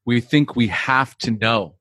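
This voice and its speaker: A man in a reflective podcast conversation who speaks in a measured, reassuring way. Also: medium pitch, a bit bright, no room sound, clean studio sound.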